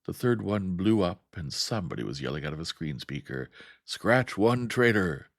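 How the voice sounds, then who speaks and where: A man narrating a science fiction audiobook in a calm, steady way. His voice sits very low with a gravelly rasp. The sound is close and completely dry. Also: fairly quick, no room sound.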